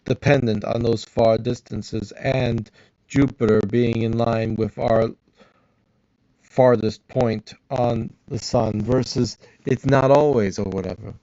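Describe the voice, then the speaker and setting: A man rambles through his own theories aloud, talking back at a video as he goes. His voice sits at an ordinary middle pitch, close and dry, with a slightly dull, lo-fi sound. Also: steady tone, slow, dark tone, no room sound. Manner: rambling, thinking aloud, mutters to himself. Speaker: reacting vlogger. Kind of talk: arguing back at a science video.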